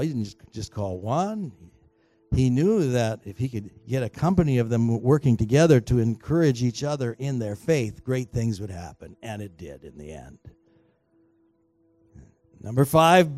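A man preaching a sermon as pastor in a church, emphatic and swinging between quiet and loud exhortation, urging the congregation to respond. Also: medium pitch, no room sound. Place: church sanctuary.

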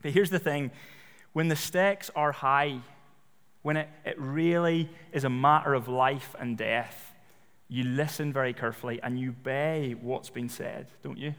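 A man preaching a sermon in a relaxed, conversational storytelling way, with frequent fillers. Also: mid-range voice, unhurried. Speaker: pastor. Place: church. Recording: long reverb of a church hall.

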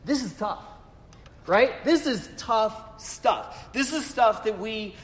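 A man preaching a sermon in a chatty, animated way, telling a story and asking rhetorical questions. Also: high-pitched, slow. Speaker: pastor. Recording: long reverb of a hall.

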